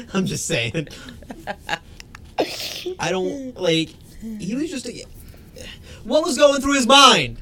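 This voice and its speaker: A man's voice: extremely high pitch, very animated, drawn-out words, long pauses, bright, forceful tone. A man co-hosting a casual podcast, cracking dry jokes and swearing freely as he banters. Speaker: podcast co-host.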